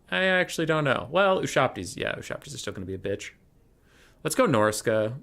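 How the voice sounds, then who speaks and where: A man's voice: mid-range voice, very animated, a little fast, creaky, a bit bright. A young man casually commentating his own strategy game stream, chatty and thinking aloud.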